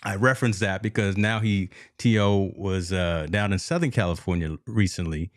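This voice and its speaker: A man's voice: low voice, normal speed, no room sound. A man co-hosting a casual sports talk show, telling stories animatedly and addressing the listeners as folks. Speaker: podcast co-host.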